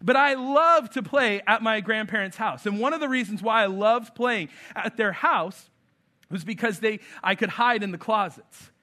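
A man in his thirties preaches a sermon in a storytelling way, acting out little scenes as he goes. His voice sits high for a man and has a bright, clear edge to it. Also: moderate pace. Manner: storytelling, animated, acts out voices. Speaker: pastor.

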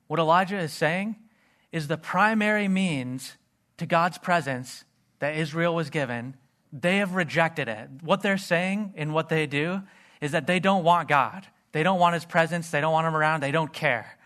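A man preaching a sermon in an earnest voice, reading scripture low and quiet. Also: normal speed. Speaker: pastor.

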